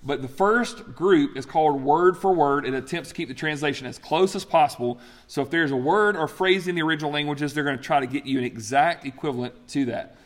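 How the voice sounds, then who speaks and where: A pastor teaching a sermon with slides, talking in an animated, emphatic way with frequent fillers and restarts. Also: male voice, on the high side, fairly quick, few pauses, big-room sound.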